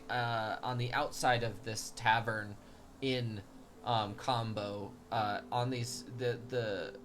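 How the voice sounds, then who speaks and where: A man's voice: mid-range voice, fairly bright tone, slight background noise. A man narrating a tabletop game as game master, rambling and hesitant with many ums.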